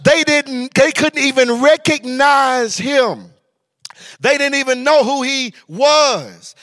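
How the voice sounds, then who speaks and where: A man's voice: very high-pitched, slow, fairly bright tone. A male pastor delivering a livestreamed sermon in a sing-song, whooping preaching cadence, calling listeners to repeat after him. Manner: calls the congregation to repeat and respond.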